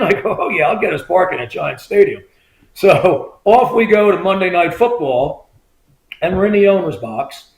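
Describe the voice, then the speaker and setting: A middle-aged man with a fairly high voice spins a rambling story as a podcast guest. He leans on "you know" and "I mean" and acts out the voices he quotes. His voice bounces around an echoey room. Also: lively intonation, brisk, creaky. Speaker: podcast guest, former state trooper. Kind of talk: casual storytelling.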